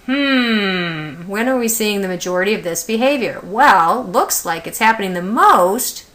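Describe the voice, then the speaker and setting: A woman's voice: medium pitch, lively intonation, normal speed, a bit bright. A middle-aged woman, an autism specialist, giving a training lecture to teachers, talking conversationally with many fillers and rhetorical questions.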